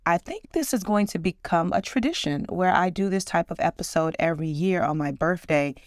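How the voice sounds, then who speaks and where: Low-voiced woman in her forties, chatty. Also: brisk, no room sound, clean studio sound. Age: 40s. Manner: warm, upbeat, reflective storytelling. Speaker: podcast host. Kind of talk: casual solo podcast chat.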